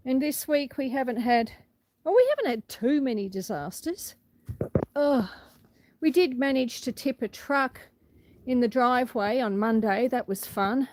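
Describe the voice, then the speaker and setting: A woman's voice: high-pitched, animated, a little slow, darkish tone. Chatty Australian woman on a farm livestream. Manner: chatty, laughs easily, talks to viewers by name. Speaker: livestream host. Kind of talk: casual livestream chat, reading comments aloud. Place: outdoors on a farm, windy.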